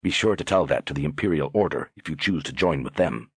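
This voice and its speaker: A man's voice: rumbling low, quick pace, husky, no room sound, clean studio sound, exaggerated voice. A man voicing a stern young lord who lectures firmly. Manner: firm, lecturing.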